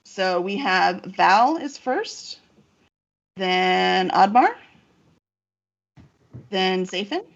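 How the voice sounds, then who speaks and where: A woman running a tabletop game as game master, casual and quick with her asides. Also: mid-range voice, vocal fry, dull audio. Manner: lively, laughs often, quick asides.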